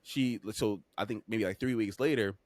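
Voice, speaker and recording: A man's voice: on the low side, normal speed, no echo. A young man co-hosting a podcast, telling a story with frequent profanity and emphatic delivery. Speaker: podcast co-host.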